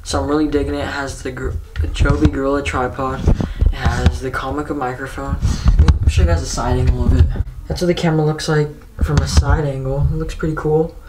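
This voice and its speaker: A young man chatting casually and excitedly for his vlog, rambling with lots of "like". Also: medium pitch, a little fast. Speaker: vlogger. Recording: background noise.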